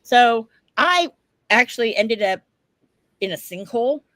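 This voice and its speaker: A woman co-hosting a podcast, telling a story in casual chat, animated, laughing often and swearing casually. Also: on the high side, unhurried, no echo. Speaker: podcast co-host.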